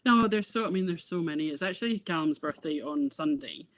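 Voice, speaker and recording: A woman, talking about her son as an interview guest, halting and reflective, often trailing off. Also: low-pitched, lively intonation. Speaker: interview guest, bereaved mother. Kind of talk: casual conversation.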